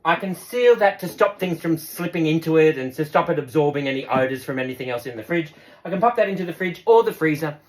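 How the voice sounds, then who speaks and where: A man's voice: fairly high pitch, animated, quick pace. A man with an Australian accent giving a casual cooking demonstration, chatty and upbeat and talking straight to his viewers.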